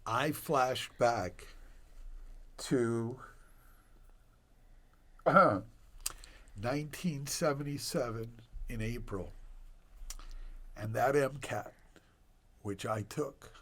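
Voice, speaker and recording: An older man, a doctor guest on a podcast, telling a personal story in conversation with animated delivery and laughter. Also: medium pitch, extremely slow, pauses often.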